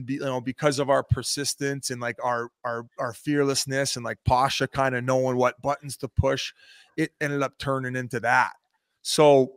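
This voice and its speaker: A man's voice: medium pitch, no echo, clean studio sound. Swearing, laughing man telling stories. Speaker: podcast guest, former hockey player. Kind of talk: casual storytelling, profane.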